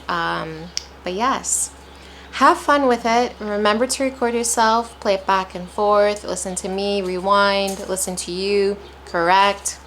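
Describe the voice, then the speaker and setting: A woman's voice: mid-range voice, a bit bright, a little hiss or hum, poor audio. A woman with an American accent teaching English pronunciation, encouraging, who demonstrates stress and rhythm by repeating example sentences. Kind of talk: pronunciation lesson.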